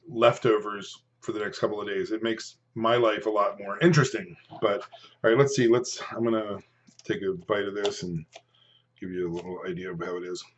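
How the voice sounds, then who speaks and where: A man in his fifties, a food and fitness vlogger, chats casually to camera while eating, rambling and pausing now and then to chew. His voice is fairly low and a bit bright, and the audio sounds dull.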